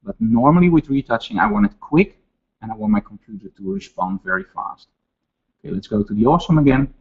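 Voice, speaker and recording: A man with a Dutch accent teaching photo retouching step by step in a webinar, with relaxed asides. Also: medium pitch, fairly quick, creaky, slightly rough, narrow, tinny audio. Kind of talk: software tutorial webinar.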